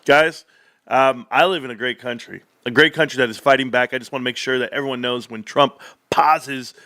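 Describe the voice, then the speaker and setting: A man in his thirties hosting a casual livestream, rambling and animated, laughing often as he talks. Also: mid-range voice, fairly quick. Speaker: host.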